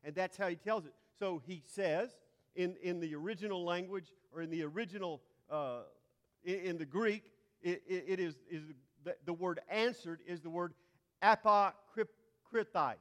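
A man's voice: sits high, normal speed. A man preaching a teaching sermon, often repeating and restarting words before climbing to emphatic peaks. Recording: long hall reverb.

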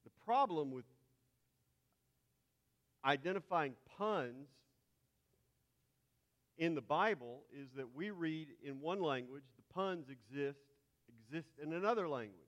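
A man's voice: a little high, lively intonation, unhurried, pauses often, fairly bright tone, highs cut off. A man with a Texas accent teaching a Bible class, spelling out terms letter by letter as he lectures. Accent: Texan. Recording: long hall reverb.

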